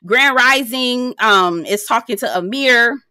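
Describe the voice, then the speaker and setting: A woman, sassy and animated, recapping a reality show in a casual vlog, swearing freely. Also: takes it slowly, clean tone, dry recording, clean studio sound. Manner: sassy, animated, swears freely, slips into high-pitched impressions.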